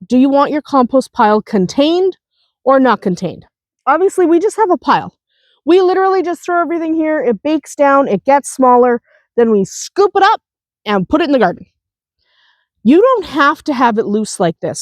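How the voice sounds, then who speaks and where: A high-pitched woman, recorded dry, hosts a homestead channel and gives a casual outdoor how-to on composting. She has a cold and is chewing a lozenge, chatting away, laughing, and restarting her sentences often.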